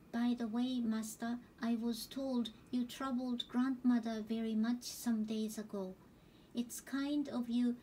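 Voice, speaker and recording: A woman slowly reading a novel aloud as an audiobook, gentle and unhurried, with small restarts. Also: on the high side, recorded from a distance, a little hiss or hum, poor audio. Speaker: audiobook reader. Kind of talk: slow storybook narration.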